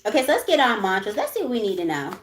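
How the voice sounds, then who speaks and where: A woman's voice: on the high side, huge pitch swings, rapid-fire, roomy sound, slight background noise. A woman hosting a casual livestream, talking bluntly with lots of swearing, moving between ranting and soothing her viewers. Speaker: livestream host.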